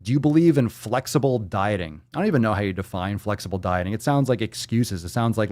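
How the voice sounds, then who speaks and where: A brash man hosts a live fitness stream, hyping up his viewers with swearing and jokes. His voice sits fairly low. The sound is dry and close, with no room around it. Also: quick pace, few pauses, darkish tone, no echo. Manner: brash, profane, hype-man energy. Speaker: fitness podcast host. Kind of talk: live-stream show, reading comments.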